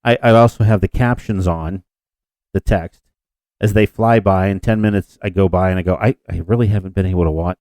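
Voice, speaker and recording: Man, podcast co-host, low mellow voice, rambling, self-deprecating, dry close sound. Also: steady tone, fairly quick, no room sound. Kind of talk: casual chat.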